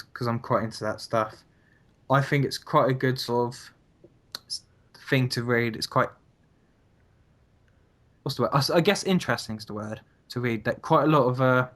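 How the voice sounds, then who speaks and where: A man's voice: medium pitch, fairly bright tone. A young man co-hosting a casual podcast over a voice call, rambling and hesitant as he muses. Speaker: podcast co-host. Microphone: computer mic on a voice call.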